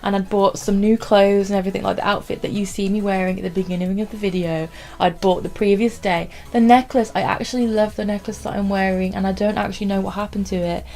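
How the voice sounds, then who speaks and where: A woman's voice: mid-range voice, little pitch movement, fast talker, a little mellow. Rambly young woman vlogging. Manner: chatty and rambling, peppered with "like". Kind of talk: casual storytelling to camera.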